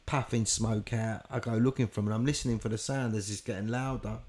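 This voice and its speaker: A man's voice: on the low side, fairly even intonation, fast, darkish tone. Profane man telling a story. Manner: vivid, profane storyteller who acts out quotes. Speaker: guest. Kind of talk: storytelling in a podcast conversation.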